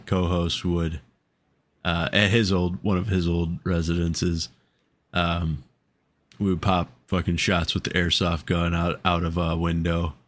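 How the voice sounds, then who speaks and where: A man co-hosting a podcast, chatting casually with heavy swearing and frequent laughter. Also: low voice. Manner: profane, laughs often. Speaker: podcast co-host.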